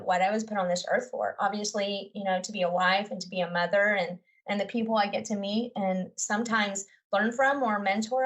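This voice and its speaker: A woman's voice: mid-range voice, a bit bright, recorded from a distance, low-quality recording. A woman in her forties, a teacher, telling her story in an earnest, heartfelt way with many fillers. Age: 40s. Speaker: teacher and guest. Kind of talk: personal story in a podcast conversation.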